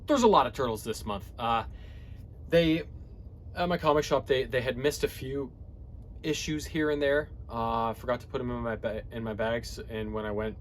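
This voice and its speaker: A man casually recapping comic book plots, rambling with fillers and restarts and quick quoted lines from the characters. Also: mid-range voice, a little hiss or hum.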